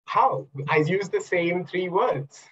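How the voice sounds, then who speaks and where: Speaking slowly in a high, fairly bright voice, this NLP coach and trainer leads a webinar over a video call. He explains by posing questions and acting out examples, and the audio is dull.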